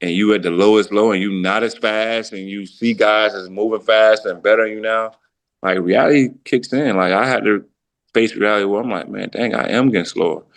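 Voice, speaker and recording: This former pro football player, a man in his thirties, is a guest on a podcast. His voice sits on the low side with fairly even intonation and a normal speed. He tells loose, casual stories reflecting on his career, often restarting and quoting his own thoughts aloud.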